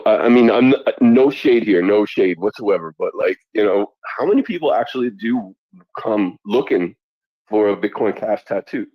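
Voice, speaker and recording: A man's voice: on the low side, moderate pace, highs cut off. A man co-hosting a casual chat who jokes and asks curious, blunt questions. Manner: joking, laughs easily, curious questions.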